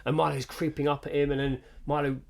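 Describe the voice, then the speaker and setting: Brisk male co-host, quick-fire casual anecdotes, swears freely. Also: on the high side, level tone, creaky, crowd noise. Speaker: podcast co-host. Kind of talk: casual chat.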